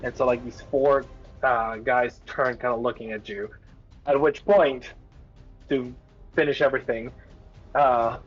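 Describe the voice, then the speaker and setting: Male game master with a mid-pitched voice, rambling narration full of fillers; dull lo-fi sound, faint music behind. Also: steady tone, unhurried, long pauses, husky. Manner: rambling, lots of filler words and restarts.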